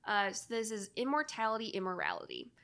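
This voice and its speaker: A woman's voice: mid-range voice, wildly swooping pitch, fast talker, bright, forceful tone. A woman co-hosting a podcast in casual chat, rambling with lots of fillers and frequent laughter. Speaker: podcast co-host.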